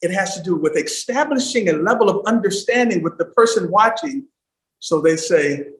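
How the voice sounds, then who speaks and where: A man giving an emphatic livestream talk as a storytelling coach, swinging from loud bursts to hushed asides. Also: sits high, animated, moderate pace, echoey room, poor audio.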